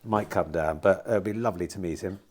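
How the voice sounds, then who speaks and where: Speaking a little fast in a low-pitched, darkish voice, a middle-aged used car dealer rambles casually to camera. He curses occasionally during this vlog, recorded outdoors under bright sun at a car lot.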